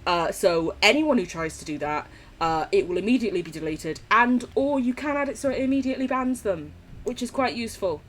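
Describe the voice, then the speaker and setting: A woman's voice: medium pitch, animated, fairly quick, a little hiss or hum. A young woman streaming a game, chatting casually and rambling, swearing freely with sudden squeals. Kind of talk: casual chat while gaming on stream.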